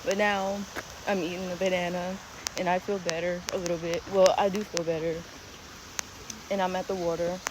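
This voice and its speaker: A woman with a lowish, level voice vlogs casually at normal speed while hiking a nature trail near a pond, holding her phone at arm's length. She rambles chattily, full of fillers and laughter. The outdoor ambience is clear, with noticeable background noise.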